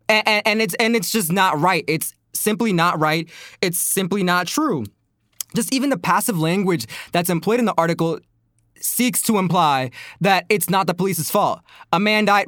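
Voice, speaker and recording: A man's voice: high-pitched, a little fast, a bit bright, dry recording, clean studio sound. A man giving heated, profane commentary, mocking and incredulous. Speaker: commentary host.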